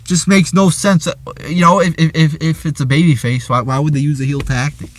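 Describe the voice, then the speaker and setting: A man's voice: fairly high pitch, steady tone, brisk. Swearing, stammering ranting man. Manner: angry, swearing, stammers and repeats words. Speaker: wrestling show reviewer. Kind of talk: profane review rant.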